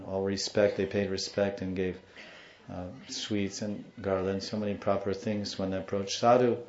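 Low-voiced man telling a devotional story. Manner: animated storyteller, acts out the people in his story. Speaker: spiritual teacher. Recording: dull roomy recording.

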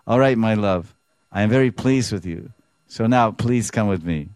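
A gentle, affectionate divine lover speaks in reassurance, a touch louder and higher than the narrator's plain talk, as a preacher acts him out. The sound is dry and close. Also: male voice, normal speed, dry recording, close to an everyday voice. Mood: reassuring.

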